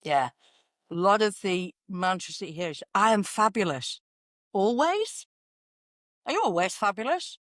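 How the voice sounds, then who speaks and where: A woman, a confidence coach talking in an energetic, conversational way and repeating phrases for emphasis. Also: mid-range voice, moderate pace, long pauses, no echo, studio quality. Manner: animated, repeats phrases, sings affirmations in varied inflections. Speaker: confidence coach, podcast guest.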